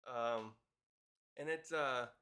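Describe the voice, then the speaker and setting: A man's voice: medium pitch, very slow, bright, forceful tone, clear, resonant tone. A man casually recapping a comic chapter, rambling with fillers and chuckles. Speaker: manga reviewer.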